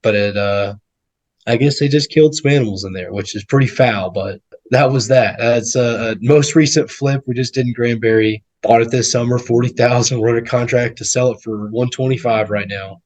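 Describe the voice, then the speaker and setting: A man's voice: mid-range voice, fairly quick, darkish tone. A male guest, a real estate investor, telling stories casually and rambling, repeating words and acting out what people said. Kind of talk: casual storytelling.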